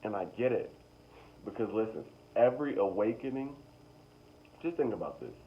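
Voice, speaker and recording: A young man talking casually to his viewers about spiritual awakening, rambling and repeating himself, with slow emphatic stretches. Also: on the low side, expressive, highs cut off. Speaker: spiritual vlogger. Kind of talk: casual motivational monologue.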